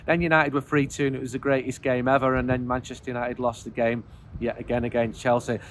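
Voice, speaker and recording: A man's voice: medium pitch, level tone, quick pace, a little hiss or hum. A middle-aged man, a football fanzine editor, talks through player ratings outdoors on a cold, wet night, sounding frustrated and rambling. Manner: frustrated, rambling, self-deprecating. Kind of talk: casual spoken video commentary.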